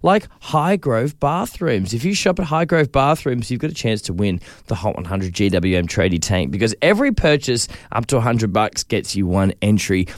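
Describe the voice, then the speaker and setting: A man's voice: lowish voice, lively intonation, moderate pace, few pauses, dry recording, clean studio sound. An Australian man co-hosting a breakfast radio show, bantering playfully and rattling off sponsor reads. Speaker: radio co-host. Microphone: studio microphone.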